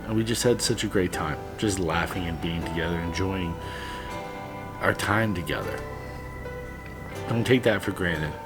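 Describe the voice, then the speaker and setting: A man's voice: deep voice, unhurried, long pauses, music in the background. A man in his late thirties, a father giving heartfelt, earnest advice to other dads, sometimes blunt and swearing. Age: 30s. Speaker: father vlogger. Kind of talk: heartfelt personal monologue.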